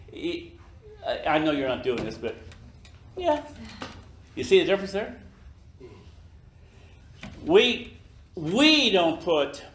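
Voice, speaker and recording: An older man giving a slow, emphatic motivational talk to his team in an office meeting room, now and then acting out little scenes in other voices. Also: fairly high pitch, a bit bright. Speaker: business leader speaking to his team. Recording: echoey room.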